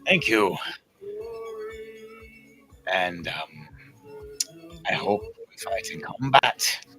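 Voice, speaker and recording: Guy doing a menacing dwarf villain, slow and lowish, music faint behind. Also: huge pitch swings, bright, forceful tone, full character voice. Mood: gloating. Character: sinister male dwarven mimic lord, gloating.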